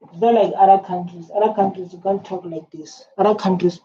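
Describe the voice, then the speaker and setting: A woman's voice: mid-range voice, steady tone, brisk, dark tone. A South African woman giving emphatic, repetitive political reaction commentary with many fillers. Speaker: reaction video host. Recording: dull lo-fi with faint noise.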